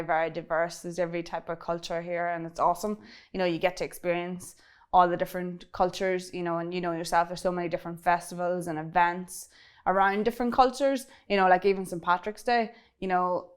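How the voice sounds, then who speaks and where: Northern Irish woman guest, quick and chatty, smooth clear voice, laughs a lot. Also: on the low side. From Northern Ireland, County Tyrone. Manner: quick-talking, laughs often, many fillers. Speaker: interview guest, cybersecurity expert. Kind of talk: casual interview chat.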